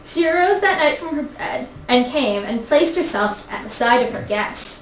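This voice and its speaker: A woman's voice: high voice, animated, normal speed. A woman hosting a show, reading a story aloud in a casual, playful way with teasing asides. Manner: playful, teasing, breaks into giggles. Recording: roomy, distant mic, faint noise.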